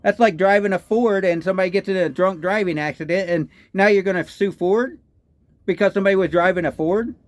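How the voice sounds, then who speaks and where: Texan guy ranting about politics, high voice, keeps asking why why, dry close sound. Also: brisk, dry recording. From Texas. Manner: indignant, repetitive rhetorical questions. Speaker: political vlogger. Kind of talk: ranting commentary.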